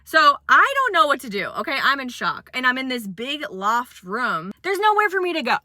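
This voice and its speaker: A woman's voice: sits high, big pitch swings, moderate pace, pushed and bright, no echo, studio quality. A young woman in her twenties telling a funny dating story in casual chat, with dramatic retelling and sudden acted quotes.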